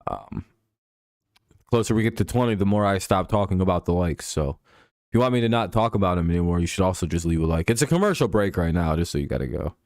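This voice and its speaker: Stream host, male, deeper voice, loose profane joker chatting over a game. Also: animated, quick pace, darkish tone, dry recording, clean studio sound. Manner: joking, profane banter with chat, laughs often. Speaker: livestream host. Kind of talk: casual live-stream chat over a football game.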